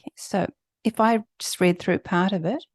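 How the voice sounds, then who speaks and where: A woman who is a native English speaker, tutoring for an English test with clear, explanatory talk and slowed emphasis. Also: mid-range voice, no room sound, studio quality. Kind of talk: online teaching.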